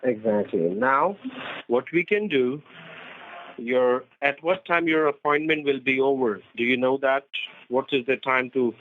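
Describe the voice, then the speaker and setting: A man on a phone call, speaking in halting, broken phrasing and insisting on his instructions. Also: medium pitch, slight background noise. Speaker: phone scammer. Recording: tinny phone line.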